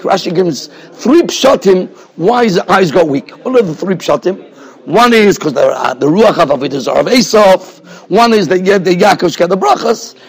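Husky high-voiced rabbi teaching. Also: male voice. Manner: discursive, explanatory, keeps checking in with "right?". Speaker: rabbi teaching a Torah class. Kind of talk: Torah class lecture. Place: yeshiva study hall.

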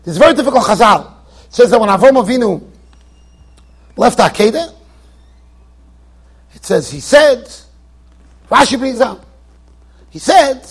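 Animated, husky high-voiced rabbi lecturing. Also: male voice, measured pace, long pauses. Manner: animated, emphatic, mixes Yiddish and Hebrew terms into English. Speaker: rabbi giving a Torah class. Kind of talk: yeshiva Torah lecture. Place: yeshiva study hall.

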